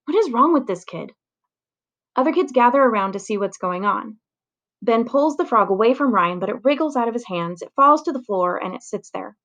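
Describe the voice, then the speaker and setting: A woman reading a children's chapter book aloud in a clear, steady storytelling voice. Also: a little high, normal speed. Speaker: reader.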